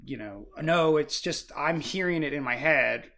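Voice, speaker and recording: Guy co-hosting a book podcast, kinda high voice, rambles with tons of fillers. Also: a little slow, vocal fry, a bit bright. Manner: rambling, full of "like" and "you know". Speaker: podcast co-host. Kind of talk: casual book discussion.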